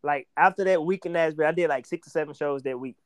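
A man tells stories as a guest on a podcast. His voice sits fairly high, and he talks in an animated way with plenty of swearing. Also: fast. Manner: animated, profane storytelling. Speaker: stand-up comedian, podcast guest. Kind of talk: casual storytelling chat.

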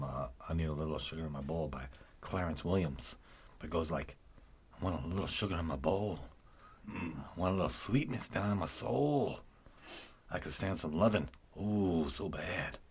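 Husky low-voiced man reading lyrics. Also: a little mellow. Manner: declaims with rising intensity.

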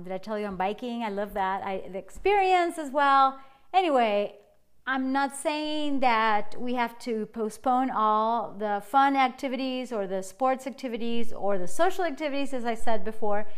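A woman hosting a solo podcast, talking in a bubbly, energetic way and laughing often. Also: on the high side, clear, resonant tone. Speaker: podcast host and life coach. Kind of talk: casual solo podcast monologue.

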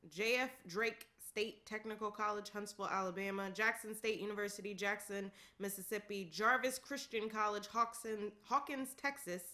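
Bright-voiced woman reading a list casually. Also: mid-range voice, fairly even intonation, moderate pace, hardly any pauses. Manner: reads steadily, laughs often, tosses in casual asides.

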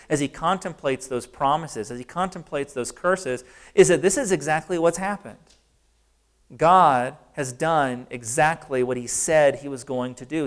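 Male preacher, medium pitch, smooth resonant voice, earnest sermon delivery with slowed emphasis. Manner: earnest, emphatic preaching with slow stressed phrases.

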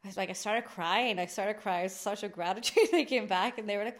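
A woman's voice: mid-range voice, brisk, few pauses. A woman from Ireland, a company founder, chatting in an interview, rambling and laughing often. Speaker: guest, drinks company founder. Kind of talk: casual interview chat.

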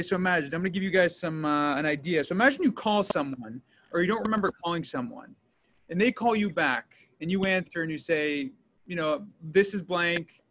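A man's voice: fairly high pitch, a bit bright. A man hosting a podcast, telling a story in casual chat and acting out both sides of a call. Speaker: podcast host.

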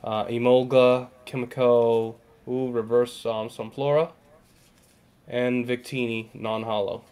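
A man in the host's seat of a casual stream, talking in a rambling, halting way as he opens trading cards. His pitch sits right in the ordinary middle for a man. He circles back on himself often, with plenty of ums and restarts. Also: flat delivery, a little mellow, clean tone. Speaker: host opening trading cards.

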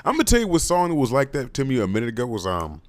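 A man in his twenties hosting a casual podcast monologue, animated and playful, with mock-preacher flourishes and sudden leaps up into high exclamations. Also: racing. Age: 20s. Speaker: podcast host.

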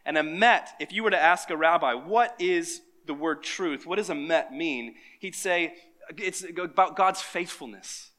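A man's voice: fairly high pitch, moderate pace, hardly any pauses, a bit bright. A pastor giving a sermon to his congregation, reading scripture and quizzing his listeners in an engaging way.

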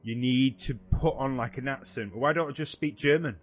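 A man's voice: mid-range voice, moderate pace. A man chatting casually about films as a co-host, jokey and loose with swearing. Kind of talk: casual chat. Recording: dull lo-fi recording.

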